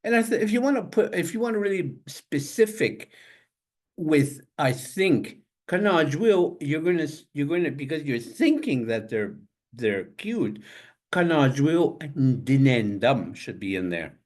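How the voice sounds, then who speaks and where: An older man teaching a language class over a video call, saying each word slowly several times and spelling it out letter by letter. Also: fairly high pitch, very animated, darkish tone. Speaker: language instructor. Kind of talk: online language lesson.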